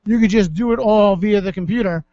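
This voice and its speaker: Male co-host with a high voice, rambling and sweary, on dull, lo-fi audio. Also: a little fast, mellow, no room sound. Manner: rambling, profane, filler-heavy. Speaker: podcast co-host. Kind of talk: casual chat. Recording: dull, lo-fi dry studio audio.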